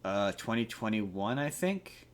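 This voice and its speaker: A man's voice: fairly low pitch, very animated, takes it slowly. A man co-hosting a podcast in casual chat, giving a rambling, profane recap of a movie plot. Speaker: podcast co-host.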